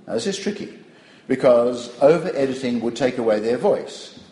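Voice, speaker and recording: A man's voice: mid-range voice, normal speed, echoey room, low-quality recording. An older man giving a public lecture, wry and digressive, telling stories to an audience. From Australia. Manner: wry, digressive, animated storytelling.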